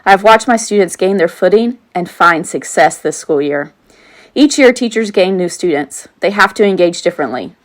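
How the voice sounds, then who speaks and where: A woman in her forties narrates her own audiobook as a teacher, her voice sitting a little low for a woman. She reads earnestly and now and then breaks off into a casual aside before going back to the text. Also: lively intonation, normal speed. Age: 40s. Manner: earnest reading with off-script asides. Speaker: teacher and author reading her own book. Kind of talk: self-read audiobook narration.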